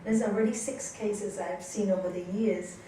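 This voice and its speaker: A woman's voice: mid-range voice, moderate pace. A woman yoga teacher giving a training lecture, telling stories and asking her class questions. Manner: lively storytelling, asks the class questions. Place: yoga course room with students. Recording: echoey room, voice from a distance, faint noise.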